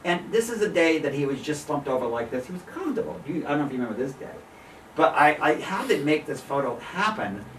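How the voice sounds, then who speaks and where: In a quick, somewhat high voice, a middle-aged photographer animatedly tells stories during an informal slide talk at a small art gallery, laughing frequently and performing the voices he quotes. The mic is far away in an echoey room, with slight background noise.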